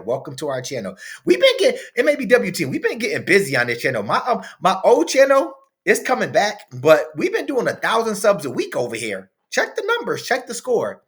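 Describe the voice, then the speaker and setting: A reaction host speaking talks over a clip, cursing freely. His voice leaps all over the place, sinking to low mutters and then jumping up into high shouts. The style is loose, casual commentary. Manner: loud, swinging from mutters to shouts, profane.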